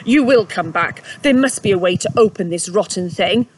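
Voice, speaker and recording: A woman's voice: mid-range voice, expressive, moderate pace, slight background noise, lightly acted, low-quality recording. A woman reading a children's story aloud and voicing a polite, determined male dog in her near-normal voice. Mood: earnest. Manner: prim, well-mannered and determined. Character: polite, brave male dog, gentlemanly and dogged.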